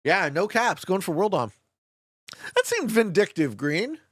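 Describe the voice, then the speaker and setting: A young man chats casually while streaming a strategy game, cracking jokes and laughing as he reads and answers his chat. His voice sits a little high and swings widely in pitch. The sound is dry and close, with no room around it. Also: big pitch swings, a little slow, no echo. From Canada.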